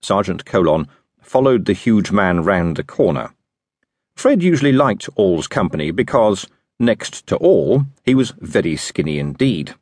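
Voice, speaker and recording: A man's voice: low voice, very animated, unhurried, a little mellow, no room sound. A man narrating an audiobook with a wry, dry storytelling manner on a close studio mic. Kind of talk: scripted narration.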